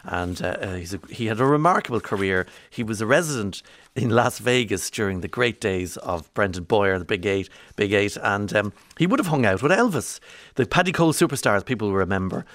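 An Irish man from County Monaghan hosting a morning radio show, chatty and rambling, swinging from bright to low. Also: lively intonation, brisk, no room sound. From County Monaghan, Ireland. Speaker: radio host. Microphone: studio microphone.

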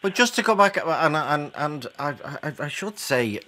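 A man hosting a radio phone-in, talking in halting bursts with many restarts as he probes his callers gently. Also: on the high side, lively intonation, slight background noise.

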